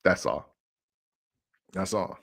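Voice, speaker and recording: A man's voice: takes it slowly, a bit bright. A man hosting a casual music talk show, arguing playfully and laughing often.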